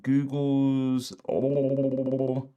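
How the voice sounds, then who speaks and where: This Northern English man hosts a live tech show from a treated home studio, picked up by a shotgun mic, though the audio sounds dull. His medium-pitched voice is monotone, extremely slow and dark in tone. He reads the news loosely and casually, drifting into asides and starting over.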